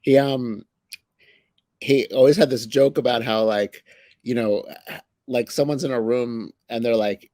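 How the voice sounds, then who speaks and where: A man's voice: medium pitch, steady tone, measured pace, long pauses, warm tone, no room sound. A man who works as a comic book editor, chatting casually, rambling and laughing as he tells jokes. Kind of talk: casual chat.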